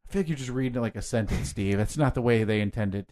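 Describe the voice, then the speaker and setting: A young man co-hosting a podcast, teasing his partner with deadpan quips in casual banter. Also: mid-range voice, fast talker. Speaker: podcast co-host.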